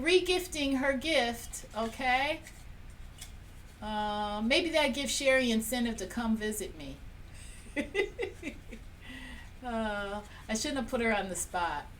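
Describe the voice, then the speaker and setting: On her live painting stream, a woman draws prize winners and chats happily with viewers, laughing a lot along the way. Her voice is high, bright and forceful, and the audio has faint room noise, with her slightly far from the microphone.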